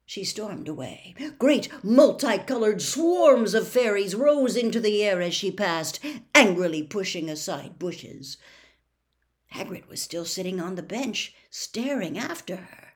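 A woman narrates a storybook aloud in a slow, measured read. Her voice sits at a middle pitch, and she takes her time with each line. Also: very animated, a little mellow.

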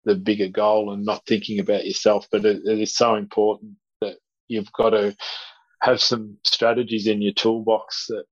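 A man telling a story as a podcast guest, halting with many restarts. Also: on the low side, flat delivery, muffled recording. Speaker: guest speaker.

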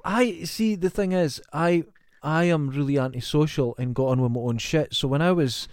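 A man co-hosting a podcast, chatting in a relaxed, matter-of-fact way and swearing casually. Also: a little high, normal speed, clean tone, no room sound, studio quality. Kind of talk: casual chat.

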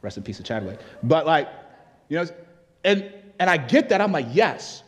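Speaking at a normal speed, a Nigerian man preaches as pastor in a fairly high voice with big swings in pitch. He moves between conversational moments and emphatic exhortation, and a large hall's long reverb fills the recording.

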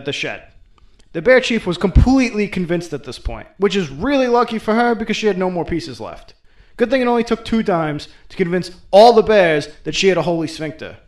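Man, host, comedic storyteller, profane, wisecracking, fairly high voice.

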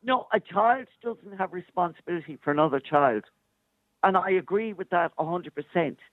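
A woman's voice: fairly low pitch, lively intonation, moderate pace, dry recording. A woman calling in to a radio show, a special needs assistant speaking passionately and insistently. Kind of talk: phoned-in radio debate. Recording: tinny phone line.

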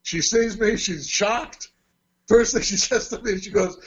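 A man's voice: high voice, normal speed. A man casually telling a long personal story, acting out the quoted dialogue as he goes. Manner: animated, acts out quoted dialogue. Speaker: guest telling a life story. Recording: dull lo-fi audio.

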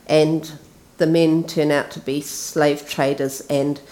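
Slow-speaking woman giving a sermon. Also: low voice. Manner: relaxed, conversational with fillers. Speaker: preacher. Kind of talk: sermon with story reading.

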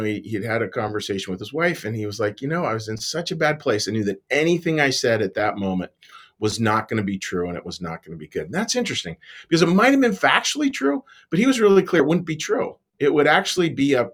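A man giving a relaxed, conversational devotional talk, earnest and often repeating his words as he goes. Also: mid-range voice. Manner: earnest, repeats words, self-deprecating asides.

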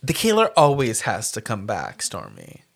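A man's voice: fairly low pitch, wildly swooping pitch, normal speed, creaky. A man in casual podcast chat, talking through movie scenes with lots of energy and casual swearing. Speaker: podcast co-host. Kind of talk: casual chat reviewing a film.

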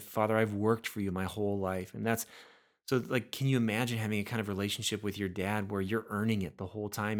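A man preaching a sermon in an earnest way, often repeating words and restarting his sentences. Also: on the low side. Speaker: pastor.

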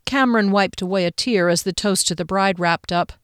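A woman's voice: mid-range voice, a little fast, clean tone, no room sound, clean studio sound. Woman narrating a novel. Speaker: audiobook narrator. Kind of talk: scripted narration.

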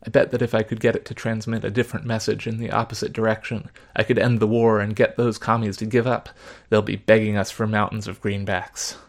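A man's voice: on the low side, flat delivery, fairly quick, few pauses, lightly acted. A man voicing a paranoid, fervent middle-aged father who rails about communists in a spoken story. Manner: fervent, conspiratorial, emphatic.

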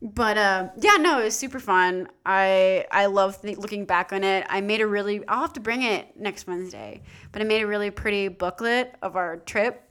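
A woman's voice: medium pitch, normal speed, smooth. A young woman co-hosting a podcast, telling a travel story in casual chat and acting out the voices of people she met. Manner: animated storyteller, acts out quoted voices. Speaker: podcast co-host.

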